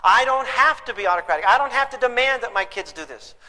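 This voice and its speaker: In a very high, expressive voice that's pushed and bright, an older man talks fast through a live parenting lecture. He tells stories with emphasis and asks the crowd rhetorical questions amid long hall reverb.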